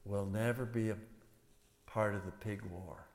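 A man's voice: lowish voice, steady tone, unhurried, a little mellow. An older man preaching as a pastor, folksy and emphatic, with a closing blessing. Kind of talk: sermon. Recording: long hall reverb.

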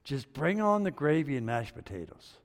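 A man, older, preaching a sermon with a personal story, dropping to low murmurs and rising to loud excited bursts. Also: normal speed. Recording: long reverb of a hall.

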